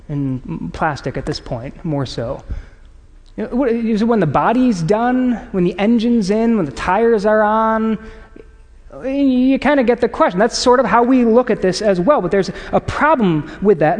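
A man preaching a sermon to a congregation, talking in a conversational way and acting out quotes as he tells stories. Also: sits high. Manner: conversational, animated storytelling with acted quotes. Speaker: pastor. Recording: long hall reverb.

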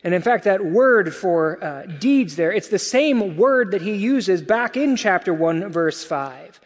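A male pastor preaching a sermon in a conversational, animated way, with casual asides. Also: high-pitched, unhurried, in a large hall.

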